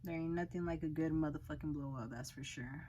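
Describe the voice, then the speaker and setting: A woman's voice: low-pitched, brisk, dark tone, lo-fi sound, slight background noise. A young woman, a hairstylist, chatting frankly and profanely while doing her makeup. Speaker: hairstylist and beauty vlogger.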